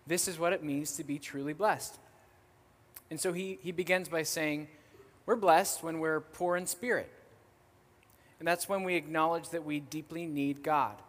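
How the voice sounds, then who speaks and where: Earnest man preaching in a reverberant church. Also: a little high. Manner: earnest, warm-hearted preaching with repeated phrases. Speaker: pastor. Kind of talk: sermon. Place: church sanctuary.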